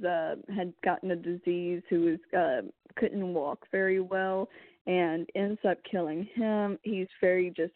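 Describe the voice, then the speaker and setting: A woman chatting casually about a film, retelling scenes in an animated, rambling way with lots of filler words. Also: mid-range voice, no room sound. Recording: tinny phone-like sound.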